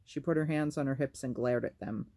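A man reads a novel aloud as a storyteller, keeping a measured and even pace. His voice is dark and mellow, with a gravelly, low-register texture.

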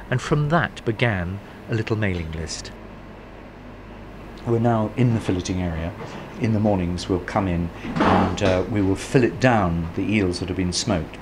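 Middle-aged man, lowish voice, lively raconteur recalling how his business began. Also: very noisy. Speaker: smokery owner. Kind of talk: anecdotal storytelling.

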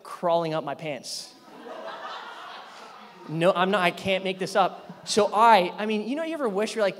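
A man in his thirties, a pastor preaching a sermon, telling a story with lively energy, sometimes yelling and laughing. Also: sits high, moderate pace, long pauses, a little hiss or hum. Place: large church hall. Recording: church hall reverb.

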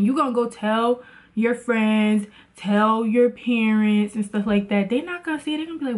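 A woman's voice: on the high side, moderate pace. A woman vlogging in a casual motivational talk about faith, chatty and preachy, with lots of "like".

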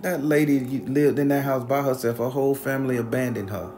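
Man doing a gruff, blunt neighbor. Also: mid-range voice, steady tone, fairly quick, a little mellow, pitched above the performer's own voice, lightly acted. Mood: serious. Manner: blunt, rough-spoken. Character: gruff middle-aged male neighbor, blunt.

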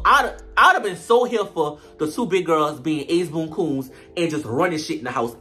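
Male comedic reviewer, high-pitched, sassy and profane, faint background music. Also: moderate pace, hardly any pauses. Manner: sassy, profane and animated, full of slang. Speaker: show reviewer. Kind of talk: comedic reality-TV recap.

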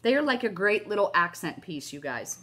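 A woman with a mid-range, sing-song voice, slightly fast and fairly bright, hosts a casual crafting tutorial. She's gushing and chatty, repeats "you guys" and "oh my gosh," and has a cough.

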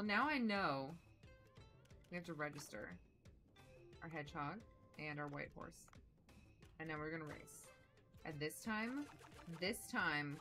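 A young adult woman chatting casually with viewers while playing a video game, animated and quick to exclaim. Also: fairly low pitch. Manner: animated, shrieks when excited, drops soft when focused. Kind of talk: casual let's-play commentary chatting with chat.

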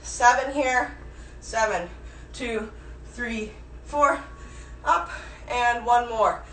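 A woman fitness instructor leads a live-streamed workout class, counting reps and calling out form cues. Her voice sits high, and she is out of breath at times. She is recorded from across an echoey room. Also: extremely slow, pushed and bright, recorded from a distance, a little hiss or hum. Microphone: phone camera at a distance.

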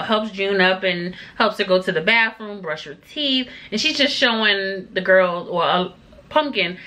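Chatty woman reviewer with a bright tone, sassy, filler-heavy episode recap. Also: medium pitch. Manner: chatty, with many fillers and asides; sassy, talks back to the people on the show. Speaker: TV show reviewer.

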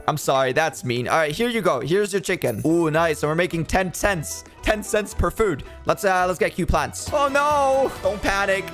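A man giving casual, excitable game commentary as he plays, joking and talking to the characters on screen. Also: on the high side. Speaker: gaming YouTuber.

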